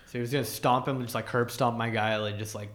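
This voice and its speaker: A man co-hosting a casual podcast, talking in quick bursts of slang and laughing often. His voice sits in an ordinary middle pitch and swings from loud excitement down to a low mutter. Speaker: podcast co-host. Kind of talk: casual chat.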